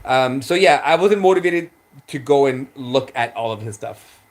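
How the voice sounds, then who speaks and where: A man's voice: mid-range voice, animated, normal speed. A man, a rapper co-hosting a podcast, talking emphatically in casual chat and swearing freely.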